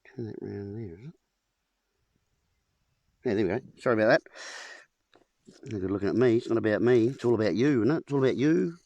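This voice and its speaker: A man's voice: on the low side, fairly quick, pauses often, mellow, dry recording, highs cut off. A man rambling to camera at home, playing with puns and calling his viewers folks. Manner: playful, punning, addresses viewers as folks. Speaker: video host. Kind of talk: rambling wordplay monologue to camera. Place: at home with a whiteboard. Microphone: camera in front of him.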